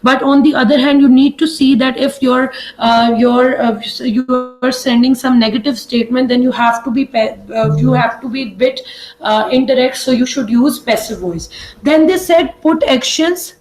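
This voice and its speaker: A woman's voice: high-pitched, moderate pace, a little mellow, soft background music, poor audio. A woman teaching an online class, hesitant and often restarting words. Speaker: lecturer.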